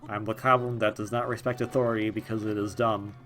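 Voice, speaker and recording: A man's voice: on the low side, little pitch movement, fast talker, a bit bright, soft background music. A man giving casual, rambling commentary over a video game, joking and drifting into tangents and mumbled asides. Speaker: gaming video host. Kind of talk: casual let's-play commentary.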